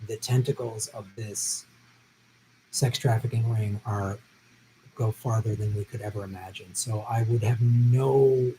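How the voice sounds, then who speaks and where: Male stream host, mellow tone, laid-back chatty delivery, voice a bit worn. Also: medium pitch, a little hiss or hum, rough recording. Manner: chatty, easygoing, quick to laugh. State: voice tiring after a long stream. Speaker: live stream host answering viewer questions. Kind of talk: casual live stream chat. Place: at home.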